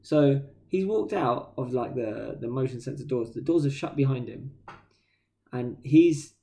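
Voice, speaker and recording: A man's voice: medium pitch, expressive, unhurried, gravelly, mellow. A man, telling stories animatedly in casual chat, with slang and swearing, as a podcast co-host.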